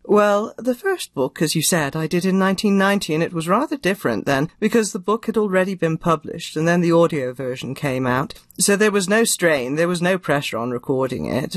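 An older woman, a retired audiobook narrator and actress, answering interview questions with crisp, theatrical phrasing. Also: sits low, no room sound, clean studio sound.

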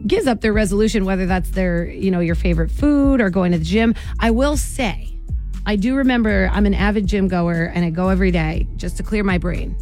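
A woman's voice: medium pitch, brisk, a little mellow, soft background music. Bubbly woman radio host. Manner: bubbly, laughs often, talks straight to listeners. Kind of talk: morning radio chat. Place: radio studio.

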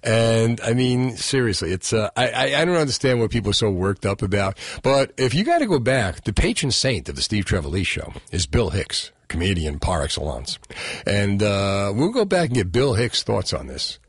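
A man hosting a radio talk show from New Jersey, bantering in a jokey, animated way with his co-host. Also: lowish voice, normal speed, breathy edge, no room sound, studio quality. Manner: jokey, animated, frequent laughs. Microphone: studio microphone.

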